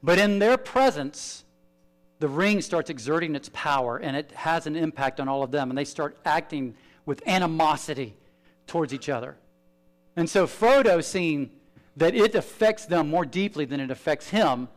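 A man gives a spirited sermon as pastor, in a voice pitched a little high and at a moderate pace. He moves between booming emphasis and soft, hushed asides.

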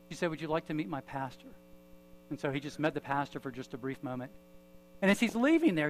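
Male pastor, sermon storytelling, fairly high pitch, faint mains hum. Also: animated, poor audio. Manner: storytelling with pauses, then prayer. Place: church.

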